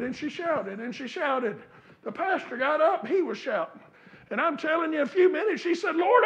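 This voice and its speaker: High-voiced preacher with a gravelly edge. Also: male voice, lo-fi sound. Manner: folksy storytelling, rising to fervent shouts. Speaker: pastor. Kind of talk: sermon. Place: church sanctuary.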